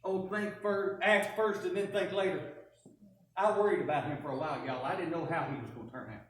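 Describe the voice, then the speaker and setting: A woman preaching a first-person dramatic sermon, telling the story in an animated, wry way. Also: fairly low pitch, a little fast. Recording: echoey church from a distance.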